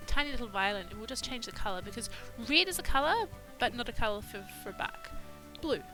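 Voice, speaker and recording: A woman's voice: a little high, expressive, fast, music in the background, rough recording. A woman giving casual let's-play commentary, chatting to her game characters and laughing often. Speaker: gaming YouTuber.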